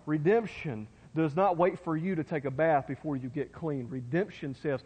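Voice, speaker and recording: A man's voice: a little high, normal speed, darkish tone, husky, muffled recording. A man preaching a sermon in a folksy, conversational way, with asides to his listeners. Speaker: pastor. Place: church sanctuary. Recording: long hall reverb.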